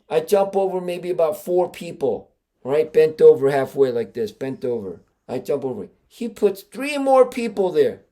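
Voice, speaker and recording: A man with a high-pitched speaking voice, a martial arts grandmaster hosting his own podcast. He tells stories casually and emphatically, with plenty of fillers and restarts. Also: dark tone. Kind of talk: casual storytelling.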